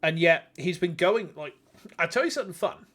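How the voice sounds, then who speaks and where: A man's voice: sits high, lively intonation, brisk, fairly bright tone. A man in his thirties casually chatting and swearing while streaming a game. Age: 30s. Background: game music.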